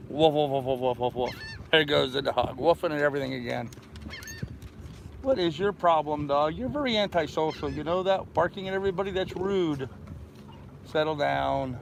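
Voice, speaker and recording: An older man chats to his camera from a boat in a marina, his voice a touch high for a man. He rambles easily and calls out greetings to neighbors passing by. Wind buffets the mic throughout. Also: gravelly, a bit bright, poor audio. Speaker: vlogger. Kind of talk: casual chat to camera. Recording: wind noise outdoors by the water.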